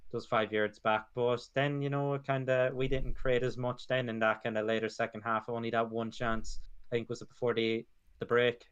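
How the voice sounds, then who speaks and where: A man's voice: mid-range voice, fairly bright tone, smooth, dull audio. A man giving opinions in a casual football chat, tagging his sentences with short repeats. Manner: opinionated, tag endings like "it was".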